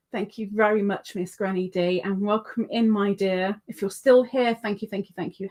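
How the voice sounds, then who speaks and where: A woman hosting a casual livestream, reading comments aloud and chatting in between. Her voice sits on the higher side and her talk is slow and unhurried. She laughs often as she goes. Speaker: livestream host.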